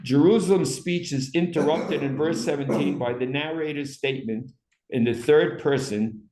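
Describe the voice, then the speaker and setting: A man leading a Bible study class, reading Hebrew aloud and acting out the text's dramatic cries with animated emphasis. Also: medium pitch, normal speed, reverberant. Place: room with a small class.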